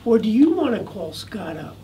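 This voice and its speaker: A woman's voice: medium pitch, big pitch swings, moderate pace, mellow, distant mic, slight background noise. A woman co-hosting a casual talk show, upbeat and cheering.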